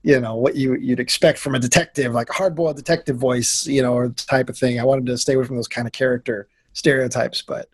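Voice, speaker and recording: A man's voice: mid-range voice, fairly even intonation, quick pace, few pauses, breathy edge. A man chatting casually on a podcast about his improv performance, rambling and self-critical with lots of restarts. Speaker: podcast guest, improv actor. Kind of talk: casual chat.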